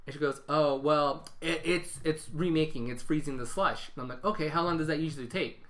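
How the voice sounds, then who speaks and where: A man's voice: on the high side, fairly quick, a bit bright. A young man, co-hosting a casual podcast and animatedly acting out the dialogue in his stories. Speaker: podcast co-host. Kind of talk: casual chat.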